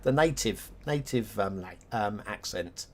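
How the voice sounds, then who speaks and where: A man's voice: lowish voice, expressive, a little slow, a little mellow, slight background noise. A man streaming a city-building game live, chatting casually with viewers, thinking aloud and laughing often; English is not his first language.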